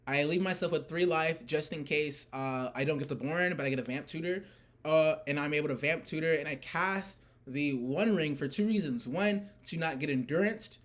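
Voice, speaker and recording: A young man ranting casually about a card tournament, rambling with lots of fillers and swearing. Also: fairly high pitch. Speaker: player recounting a card tournament. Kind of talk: casual rant.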